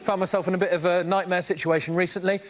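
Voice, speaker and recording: A man from England doing a self-mocking stand-up routine that builds to shouted punchlines. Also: high-pitched, flat delivery, fast talker, heavy background noise. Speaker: comedian.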